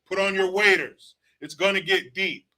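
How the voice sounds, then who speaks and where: A man's voice: sits high, moderate pace, sharp tone. A man hosting his own political commentary show, ranting bluntly and sarcastically with plenty of profanity.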